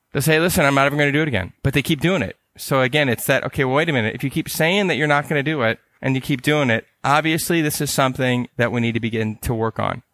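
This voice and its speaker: A middle-aged counselor from California giving a conference talk in a conversational way. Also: male voice, on the high side, a bit bright, no room sound. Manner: conversational, acts out dialogue with quick voice changes. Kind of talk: conference presentation.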